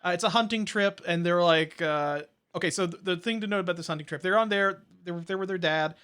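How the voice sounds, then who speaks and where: Man podcast co-host, fairly high and bright, rambling and profane movie recap. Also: a little fast, smooth. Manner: rambling, profane, laughs often. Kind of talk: casual movie recap chat.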